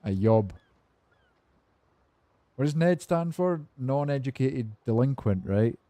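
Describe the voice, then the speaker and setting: A man with a warm, mellow voice talks to his stream viewers in loose, rambling chat, swearing easily and answering their messages. His tone is laid-back and cynical. The sound is dry and close, with no room around it. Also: mid-range voice, animated, slow, dry recording. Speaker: game streamer chatting with viewers. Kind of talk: casual live-stream chat.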